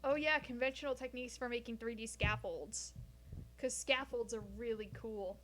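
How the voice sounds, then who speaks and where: A woman's voice: a little high, moderate pace, fairly bright tone, a little hiss or hum. Profane rambling woman streamer. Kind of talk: casual live-stream chat. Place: home, sitting on the floor.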